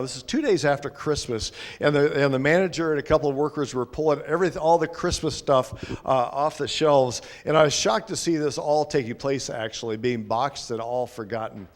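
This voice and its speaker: A man pastor preaching informally to a small congregation, chatty and halting, with frequent restarts. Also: mid-range voice. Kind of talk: informal sermon with congregation sharing. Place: church sanctuary.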